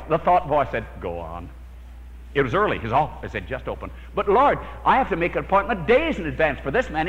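A man preaching a sermon, telling a personal prayer story with dramatic storytelling and acting out his own prayers. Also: a little high. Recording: lo-fi hall recording with long reverb.

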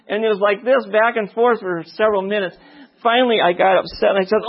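A man with a high, gravelly voice shares his testimony from the pulpit. His tone is husky, and he keeps turning to the listeners with a quick "okay?". The recording is dull and lo-fi. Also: steady tone. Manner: storytelling, often checking in with "okay?". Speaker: lay preacher giving testimony. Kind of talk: personal testimony sermon.

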